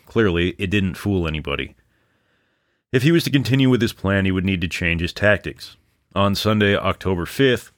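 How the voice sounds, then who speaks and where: This low-voiced man hosts a true-crime podcast, narrating the case and breaking off for sarcastic, profane asides. The recording is dry and studio-clean, made on a microphone on a stand.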